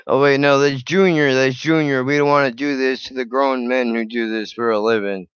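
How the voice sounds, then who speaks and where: Male reaction host, blunt and profane, sarcastic; smooth, clear voice at an unhurried pace. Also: medium pitch, fairly bright tone, no echo, highs cut off. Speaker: channel host. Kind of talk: reaction commentary on videos.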